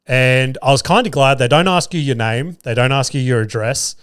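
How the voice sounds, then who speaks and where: A man's voice: medium pitch, moderate pace, fairly bright tone, smooth, no room sound, clean studio sound. A young adult Australian man hosting a podcast, telling a story in casual chat and acting out the dialogue, swearing freely. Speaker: podcast host.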